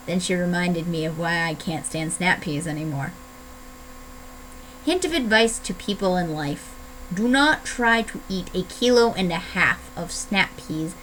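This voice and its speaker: A young Canadian woman chatting casually on her vlog, playful and rambling, often jumping into high excited tones. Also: a little slow, a little hiss or hum, low-quality recording. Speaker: vlogger.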